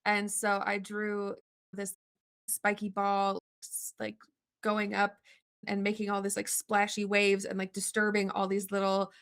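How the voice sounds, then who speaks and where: Woman telling rambling animated stories. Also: medium pitch, measured pace, clean tone. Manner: rambling, animated, lots of "like" fillers. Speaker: interview guest, comic artist. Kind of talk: casual storytelling in an interview. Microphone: video call.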